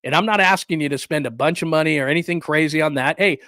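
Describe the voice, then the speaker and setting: A man hosting a solo sports talk livestream, ranting with quick asides and laughs and greeting people in the live chat. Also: fairly high pitch, pushed and bright, dry recording, studio quality. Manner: reads and answers live chat.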